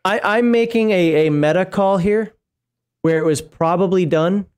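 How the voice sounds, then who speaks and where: High-voiced man chatting casually. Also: normal speed, a little mellow, clean tone. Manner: rambling, stops to laugh and comment. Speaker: podcast co-host reading game lore. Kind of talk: casual chat and reading aloud.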